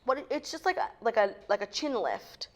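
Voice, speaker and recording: A woman's voice: fairly high pitch, expressive, a little fast. A young woman co-hosting a casual studio chat show, talking in a chatty way and filling her sentences with "like.". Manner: chatty, constant "like" fillers. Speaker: co-host.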